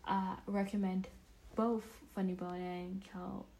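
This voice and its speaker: A woman's voice: medium pitch, little pitch movement, slow pace, dark tone, slight background noise, poor audio. A young woman vlogging casually, telling a self-deprecating story in a rambling, chatty way with many restarts.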